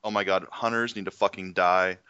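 A male podcast co-host tells stories and rants on a casual gaming chat, swearing a lot. His voice sits low and sounds sharp and smooth, with fairly even intonation at a fairly quick pace. The audio is dry, slightly dull, and lo-fi, with no room sound.

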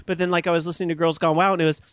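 A man's voice: on the high side, little pitch movement, racing, a bit bright, clean tone, no room sound. An American man hosting a podcast, chatting casually with a jokey manner and frequent laughs. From United States. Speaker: podcast host.

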